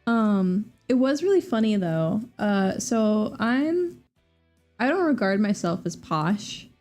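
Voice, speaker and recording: A young woman in her twenties with a soft Southern US accent rambles through a casual livestream chat. Her voice is mellow and warm, and she talks fast and animatedly, full of fillers and quick restarts. Faint music plays underneath. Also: mid-range voice, sing-song. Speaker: streamer.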